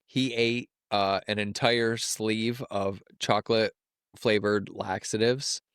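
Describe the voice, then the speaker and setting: A man's voice: on the low side, fairly even intonation, slow pace, a bit bright, clear, resonant tone, no echo, clean studio sound. A man co-hosting a podcast, telling crude stories and laughing often. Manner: profane, laughing storyteller. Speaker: podcast co-host. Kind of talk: crude casual chat.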